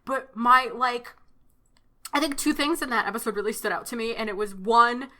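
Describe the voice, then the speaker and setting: Woman cohost, high bright voice, gushing and excited, swears a bunch. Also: normal speed. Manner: gushing, animated, swears casually. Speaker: podcast co-host. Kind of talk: casual chat.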